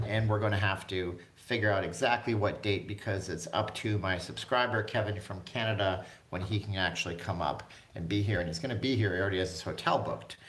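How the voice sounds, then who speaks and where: A man's voice: on the low side, fairly bright tone. A man hosting a casual live stream from home, chatting loosely and reading viewer comments aloud. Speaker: vlog host. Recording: echoey room.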